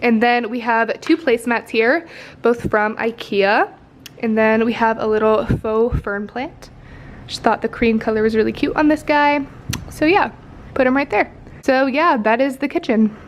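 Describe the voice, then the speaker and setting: A woman's voice: a little high, steady tone, normal speed, slight background noise. A young woman vlogger giving a casual tour of her apartment, chatty and rambling with lots of ums and likes. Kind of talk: casual home tour vlog. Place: apartment indoors.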